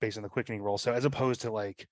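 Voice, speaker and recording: A man's voice: lowish voice, fairly even intonation, very fast, dry recording. A man playing a tabletop role-playing game, describing what his character does in a rambling, casual way. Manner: rambling, with many fillers like "like" and "right?". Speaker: player.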